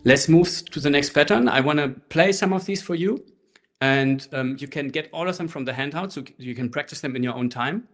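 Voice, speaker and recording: A man teaching a live online handpan workshop through a laptop microphone, explaining rhythms in a relaxed way and speaking rhythm syllables while he plays. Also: fairly high pitch, a little fast. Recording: laptop mic with handpan music. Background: handpan playing.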